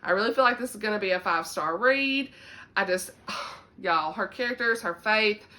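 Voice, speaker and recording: A woman's voice: medium pitch, expressive, moderate pace, pushed and bright. A young woman with a Southern US accent chatting casually to camera about books, laughing often and saying "y'all.". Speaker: book vlogger.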